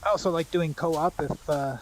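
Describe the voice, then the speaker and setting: A man's voice: a little high, normal speed, crowd noise, low-quality recording. A man streaming live, chatting and explaining the game as he plays. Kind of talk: live gameplay commentary.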